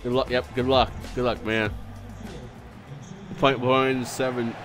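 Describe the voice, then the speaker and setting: A man's voice: mid-range voice, unhurried. Male streamer, live gameplay chat, jumpy and repetitive, faint music underneath. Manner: excitable, repeats words, yelps in surprise.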